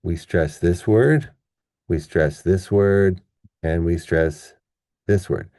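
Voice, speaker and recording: Low-voiced guy teaching english word stress, slows down to show how words sound, dry close mic. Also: mellow, no echo. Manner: patient, explains step by step with examples. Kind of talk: online English lesson.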